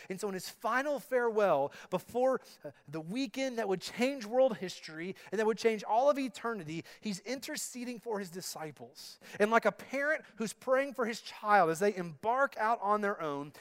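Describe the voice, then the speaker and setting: A man pastor preaching a sermon, emphatic and slowing down to stress quoted verses. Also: sits high.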